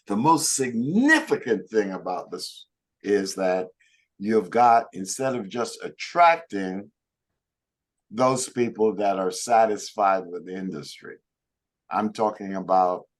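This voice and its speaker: A middle-aged man coaching a group on network marketing, talking emphatically and calling on listeners by name. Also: deep voice. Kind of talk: motivational talk to a group.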